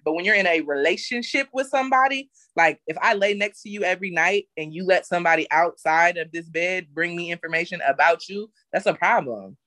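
A woman's voice: on the low side, a bit bright, no room sound. A woman co-hosting a casual chat, speaking candidly in slangy, rambling talk.

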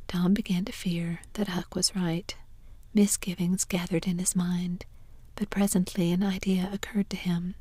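A woman reads a story in a soft, breathy whisper as a whispered role-play. Her tone is mellow and dark, and the sound is very close and dry. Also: fairly low pitch, a little slow, dry recording. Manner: soft, even whispered reading.

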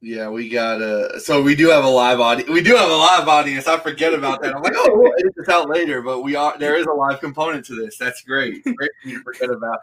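A man's voice: a little high, fast, few pauses, fairly bright tone. A man co-hosting a sports betting podcast, talking casually and laughing easily.

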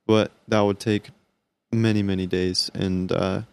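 Easygoing man with a smooth, low voice. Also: flat delivery, a little slow, a little mellow, no echo. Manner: friendly, easygoing, handing off the talk. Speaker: podcast co-host. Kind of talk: casual podcast chat.

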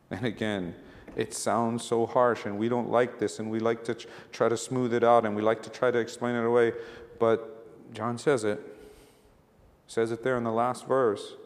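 A male pastor preaching in a plain, conversational way, leaning on rhetorical questions and emphatic points. His voice sits at an ordinary middle pitch for a man. The sound carries a long, lingering reverb, like a large church hall. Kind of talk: sermon.

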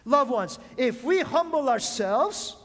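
High-voiced preacher in a reverberant church. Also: male voice, animated, takes it slowly, fairly bright tone. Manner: preaching with call-and-response questions. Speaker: pastor. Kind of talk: sermon. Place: church sanctuary. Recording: long hall reverb.

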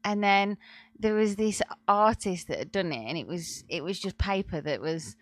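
A woman's voice: medium pitch, moderate pace, no echo. A woman co-hosting a podcast, chatting casually and acting out voices from her own stories. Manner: animated storyteller, acts out her younger self. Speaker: podcast co-host. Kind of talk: casual chat.

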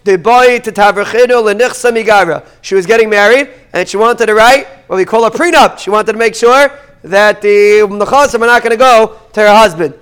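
A man teaching a daily Talmud class, reading the Aramaic text aloud and explaining it in lively English with rhetorical questions. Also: sits high, brisk, clean tone.

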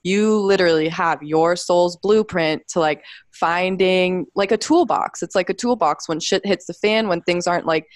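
A woman's voice: on the low side, normal speed, few pauses, no echo, clean studio sound. A woman hosting a podcast, enthusiastic and casual, filling her talk with "like" and speaking to the listeners. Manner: enthusiastic, many likes, talks to listeners. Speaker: podcast host.

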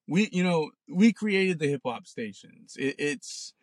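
A man's voice: sits high, expressive, unhurried, hardly any pauses, no room sound. A man in his forties hosting a podcast, ranting bluntly and sarcastically with plenty of swearing, recorded in a parked car. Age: 40s. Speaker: podcast host. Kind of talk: ranting casual monologue.

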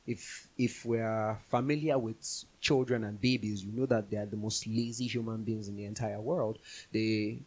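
Husky-voiced man teaching the Bible. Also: fairly low pitch, rough recording. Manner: conversational, explains with everyday examples.

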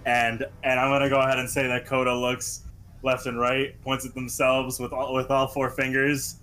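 A man's voice: mid-range voice, monotone, normal speed, sharp tone. A man playing a tabletop game, speaking in character with an odd third-person manner. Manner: speaks of self as "this one". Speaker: player.

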